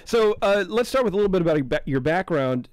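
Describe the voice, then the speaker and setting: Rambling podcast host, dry close sound. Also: male voice, sits high, expressive, fast, darkish tone, no room sound. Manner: rambling, many restarts and repeated words. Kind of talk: casual interview chat.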